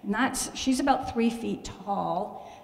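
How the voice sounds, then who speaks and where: A woman artist from Canada tells lively, self-mocking stories about her work in a gallery talk. Her voice has a gravelly, fry-tinged edge. It rings out through a roomy hall with a long reverb tail. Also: medium pitch, takes it slowly. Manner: animated storytelling, exclaims and jokes at herself. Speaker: glass artist giving a talk.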